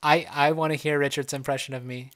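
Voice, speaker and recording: Young ohio guy, midwest accent w a bit of southern twang, kinda high voice, jokey casual stream chat. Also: little pitch movement, fast talker, fairly bright tone. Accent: Midwestern American with a slight Southern twang. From Ohio, USA. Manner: joking, loose, playful teasing. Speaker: livestream host. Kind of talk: casual live-stream chat, answering viewer questions.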